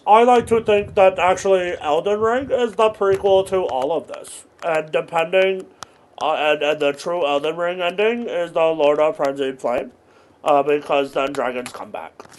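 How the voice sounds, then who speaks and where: A man in his thirties giving absurdist comedy commentary while playing a game, rambling through offbeat deadpan jokes. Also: high-pitched. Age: 30s. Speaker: gaming video host.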